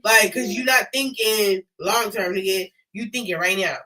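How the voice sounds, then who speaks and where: A young man from California with a Californian accent, telling stories in a casual chat. He is animated, swears a lot and gets shouty when riled up. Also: high-pitched, moderate pace, recorded from a distance, a crowd in the background, poor audio.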